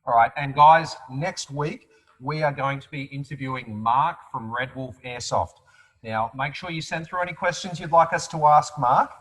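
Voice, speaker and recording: A man's voice: medium pitch, moderate pace, a bit bright, poor audio. A man, hosting a casual interview in a friendly, upbeat way with many "ums". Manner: friendly, upbeat, filler-heavy. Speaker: podcast host.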